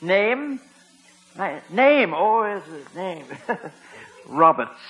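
A fussy English butler, stammering and flustered but quick with a dry quip. His voice is high and bright and swoops around a lot. It's a sitcom delivery with crisp, polite diction. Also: very animated, exaggerated voice, rough recording.

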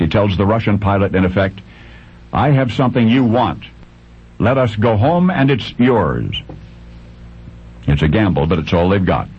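Dramatic male radio storyteller, husky and low. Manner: dramatic, deliberate pauses, sweeping pitch swings. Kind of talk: scripted radio narration. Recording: dull lo-fi radio recording.

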